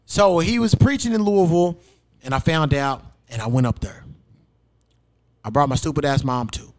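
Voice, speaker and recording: A young man hosting a podcast, telling a long personal story in casual, profane chat and acting out quotes loudly. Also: fairly high pitch, animated, a little fast. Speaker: podcast host.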